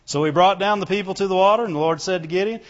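Fervent high-voiced preacher in an echoey hall. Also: male voice, racing. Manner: fervent, calls out for amens and glory to God; reads scripture aloud in old biblical wording. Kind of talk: sermon. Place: church hall before a congregation. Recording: echoey hall, dull lo-fi sound.

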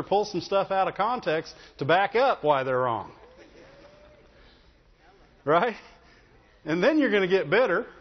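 A man preaching a sermon as pastor, talking in a conversational way and often checking in with the congregation. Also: high-pitched. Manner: conversational, repeats "Amen?" and "Right?". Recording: dull, with long hall reverb.

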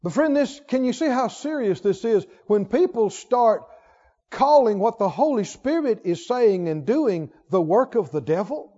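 A man preaching a sermon in a church, fervent and emphatic, swinging from loud to hushed. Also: high-pitched, lively intonation, a little slow. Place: church sanctuary. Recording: lo-fi recording with long hall reverb.

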